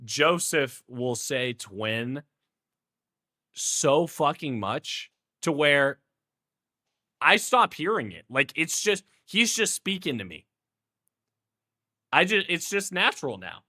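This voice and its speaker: A man's voice: fairly high pitch, sing-song, slow pace, long pauses, sharp tone. A playful, goofy young man with a Houston accent, chatting casually with his stream viewers in heavy slang and laughing often.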